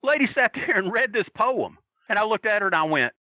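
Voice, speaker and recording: A man, a podcast guest, telling a story in an excitable, profane way and acting out what people said. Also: sits high, brisk, dry recording, rough recording. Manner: profane, excitable, acts out quotes. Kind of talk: animated storytelling.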